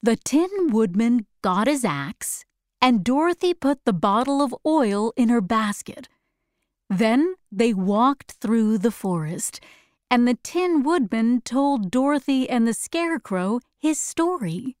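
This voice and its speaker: A woman narrating a storybook in a slow, clear and careful reading for learners. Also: on the high side, lively intonation, a little mellow, no echo, clean studio sound.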